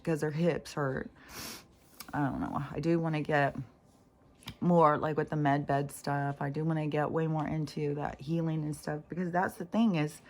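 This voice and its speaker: Low-voiced woman rambling in a vlog. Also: gravelly. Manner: meandering, self-reflective, many fillers. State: runny nose. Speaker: spiritual vlogger. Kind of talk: casual rambling monologue.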